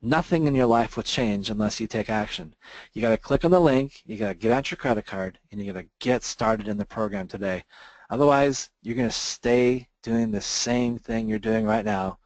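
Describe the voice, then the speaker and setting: A man presenting a webinar, making an emotional sales pitch and choking up as he talks. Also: darkish tone, no echo, poor audio. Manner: earnest, gets choked up telling a story. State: emotional, near tears.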